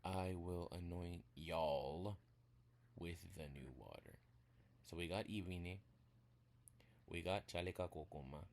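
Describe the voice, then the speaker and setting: A man giving a casual spoken language lesson, walking through examples step by step in a relaxed way. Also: low-pitched, slow, long pauses. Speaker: language teacher.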